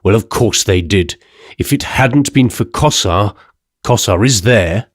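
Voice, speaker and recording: A man's voice: on the low side, animated, a little slow, no room sound, studio quality. A man voicing an indignant, scornful older male scientist and father in an audiobook.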